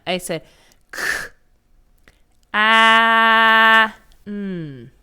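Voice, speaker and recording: A woman's voice: fairly low pitch, pushed and bright, clear, resonant tone. A woman teaching a first grade phonics lesson, patiently sounding out letters and words for young children.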